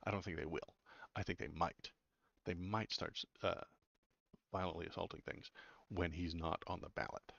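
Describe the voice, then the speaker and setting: A man's voice: low voice, fairly even intonation, moderate pace, vocal fry, fairly bright tone, dry recording, dull audio. A man hosting casual political commentary, blunt and sarcastic, sometimes stumbling over words.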